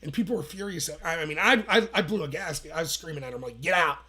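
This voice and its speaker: A man in his thirties hosts a commentary stream with a somewhat high voice. He tells his stories in a heated, sarcastic way, full of scorn. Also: lively intonation, very fast, crowd noise. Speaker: political commentary host. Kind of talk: opinionated livestream commentary.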